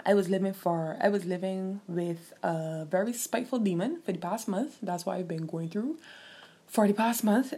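A young woman, telling a personal story in a casual, animated and profane way. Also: lowish voice, gravelly, husky. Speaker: vlogger.

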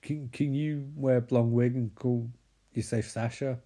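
A man doing an awkward horror-movie boyfriend, stammering and dodging, with a quiet, mellow delivery. He hesitates before nearly every phrase. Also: mid-range voice, fairly even intonation, measured pace, close to an everyday voice. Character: awkward evasive young man in a horror film.

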